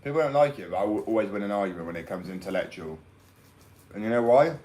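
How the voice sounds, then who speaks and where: A man's voice: fairly low pitch, expressive, fast, a little mellow, poor audio. Brash young Englishman ranting casually. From England. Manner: brash, opinionated, swears freely, rambling. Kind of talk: casual rant.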